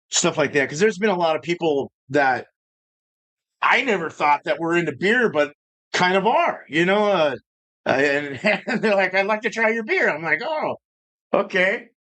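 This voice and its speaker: Profane rambling homebrewer, slightly high voice. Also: male voice, a bit bright. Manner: rambling, profane, laughs often. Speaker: homebrewing live-stream host. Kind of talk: casual live-stream chat. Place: home brewing space. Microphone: streaming setup.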